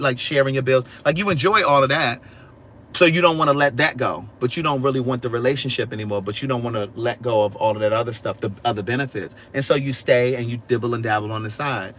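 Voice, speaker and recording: A man hosting a casual outdoor livestream, talking directly to his viewers in an animated, chatty way. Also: medium pitch, brisk, slight background noise. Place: outdoors in a yard.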